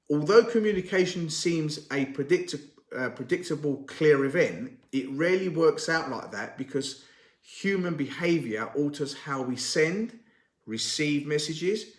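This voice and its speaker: Measured man teaching in a roomy space. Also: a little high. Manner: measured, deliberate, stresses key words. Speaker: garage business trainer. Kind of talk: instructional talk to camera. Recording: roomy echo.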